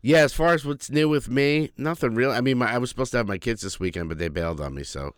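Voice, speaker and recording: A middle-aged man hosting a podcast, joking crudely and telling stories with animated swings. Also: medium pitch, quick pace, clean tone, no room sound, studio quality. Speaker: podcast host. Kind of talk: casual chat.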